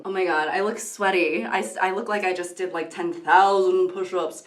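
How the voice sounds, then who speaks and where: This young woman's fairly low voice moves a little fast with few pauses. She's vlogging in an echoey room, rambling casually, drifting off on tangents and giggling.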